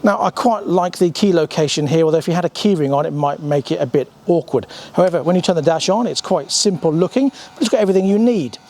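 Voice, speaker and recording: A British man presenting a motorcycle review in a chatty, scripted walkthrough. His voice sits a touch high for a man, and he slips in dry asides and the odd um. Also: lively intonation, fast, hardly any pauses, a little mellow. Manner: dry humour, chatty with filler ums. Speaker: motorcycle reviewer and channel host.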